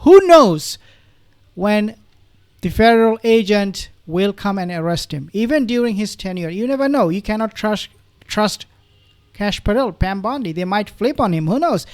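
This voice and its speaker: A man's voice: high voice, normal speed, darkish tone. A man hosting a political commentary show, reacting to news clips in an indignant, sarcastic way.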